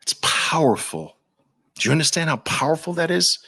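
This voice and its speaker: Man, New York accent, fervent preachy monologue, somewhat high voice, pounding rhetorical questions. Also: lively intonation, normal speed, creaky, bright, forceful tone, slightly rough. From Brooklyn. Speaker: host. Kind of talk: impassioned monologue to viewers.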